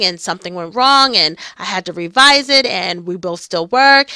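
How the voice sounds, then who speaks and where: A woman in her forties, an embroidery business owner, telling a personal story in an animated, emphatic way with lots of repetition. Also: fairly high pitch, no echo.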